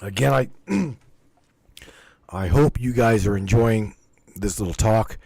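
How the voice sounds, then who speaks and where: A man's voice: lowish voice, takes it slowly, creaky, darkish tone, breathy edge, no room sound. A man hosting a spiritual livestream, talking casually to his live chat in a rambling, repetitive, emphatic way and swearing freely. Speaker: host of a spiritual livestream broadcast.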